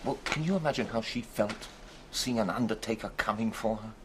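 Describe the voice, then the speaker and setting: Brusque, clipped policeman played by a man, quick, low delivery; 1970s TV drama. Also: background noise, natural voice. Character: angry male police officer.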